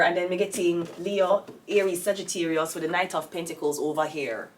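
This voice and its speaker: A woman's voice: fairly low pitch, fast, hardly any pauses, far from the mic, a little hiss or hum. A Jamaican woman giving a casual tarot reading, rambling and blunt, with profane outbursts. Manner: rambling, blunt and profane, with sudden loud rants. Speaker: tarot reader.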